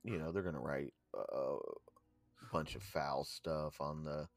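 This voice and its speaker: A man with a very deep voice, chatting on a podcast in an easygoing, halting way and mostly agreeing with his partner. The recording is dry and close. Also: steady tone, dry recording. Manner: agreeable, hesitant, many fillers. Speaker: podcast co-host. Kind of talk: casual podcast chat.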